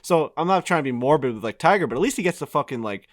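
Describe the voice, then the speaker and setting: A man's voice: a little high, expressive, rapid-fire. A man co-hosting a podcast, rambling between fillers, laughing and swearing. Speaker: podcast co-host. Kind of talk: casual podcast banter.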